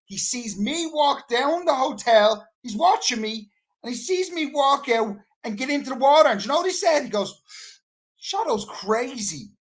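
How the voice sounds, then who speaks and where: A man with an Irish accent telling a casual anecdote in an animated, rambling way, full of swearing. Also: very high-pitched, normal speed. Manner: animated, profane, rambling storyteller.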